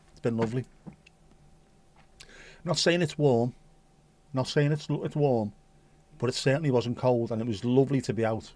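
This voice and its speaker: Casual male stream host at an everyday pitch, jokey and rambling. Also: a little mellow. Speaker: livestream host. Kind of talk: casual livestream chat with viewers.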